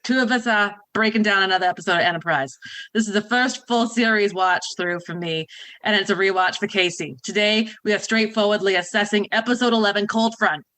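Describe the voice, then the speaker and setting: Woman doing a broad put-on Boston accent, showy and rhyming, bright tone. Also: medium pitch, fairly quick, close to an everyday voice, low-quality recording. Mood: playful. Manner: sing-song, rhyming, exaggerated delivery. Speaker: podcast co-host.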